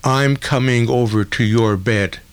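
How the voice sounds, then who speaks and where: A man reading the part of a frightened small boy, speaking softly. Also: mid-range voice, unhurried, clear, resonant tone, no room sound, natural voice.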